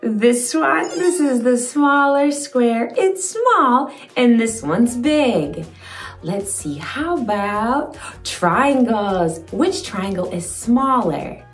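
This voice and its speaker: Young woman teaching toddlers, slow and sing-songy, big praise, echoey room w/ soft music. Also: a little high, big pitch swings, far from the mic. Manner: encouraging, exaggerated praise. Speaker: children's video host.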